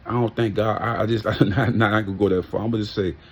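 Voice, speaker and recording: A man's voice: fairly low pitch, fairly even intonation, fast, breathy edge. A man telling a casual, heartfelt story, emphatic and full of street slang and profanity. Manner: heartfelt and reminiscing. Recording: muffled lo-fi audio.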